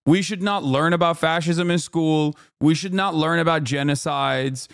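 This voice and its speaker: A man's voice: a little high, moderate pace, smooth. A man in his thirties giving casual reaction commentary on a stream, emphatic and incredulous, swearing heavily.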